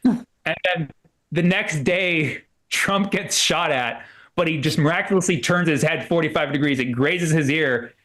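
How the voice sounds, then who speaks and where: A man performing a rambling stand-up set at a comedy club, full of fillers and quick put-on voices for the people he quotes. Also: fairly high pitch, a bit bright.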